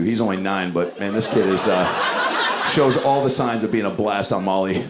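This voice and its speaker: A man in his forties doing a profane, rapid-fire stand-up set, with mumbled asides and loud bursts, on a handheld mic on a club stage. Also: medium pitch, very noisy. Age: 40s. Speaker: stand-up comedian. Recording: loud audience laughter and room ambience.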